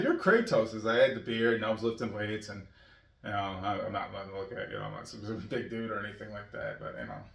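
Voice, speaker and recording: A man's voice: fairly low pitch, creaky, roomy sound, recorded from a distance. A middle-aged man rambling casually about fatherhood, filling his talk with "you know" and chuckling often. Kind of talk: casual monologue.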